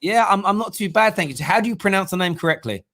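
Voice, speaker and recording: A man hosting a casual live football stream, slangy and chatty with quick restarts. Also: high voice, lively intonation, a bit bright. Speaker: host.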